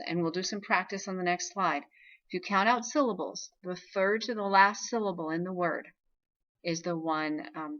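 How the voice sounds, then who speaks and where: Bright-voiced woman teaching a video lesson. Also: on the low side, muffled recording. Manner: patient, explanatory, checks in with frequent "okay?". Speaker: Spanish teacher. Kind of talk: recorded classroom video lesson.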